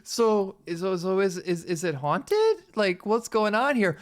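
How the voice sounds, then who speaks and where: A woman streaming a game live, chatting, giggling and thinking out loud. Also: mid-range voice, expressive, slow pace.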